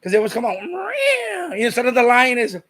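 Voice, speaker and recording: Stream host, male, high-pitched voice, loose rambling chat that doubles back on itself and reads out viewer comments. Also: wildly swooping pitch, a little fast, a bit bright. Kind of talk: casual chat with live viewers.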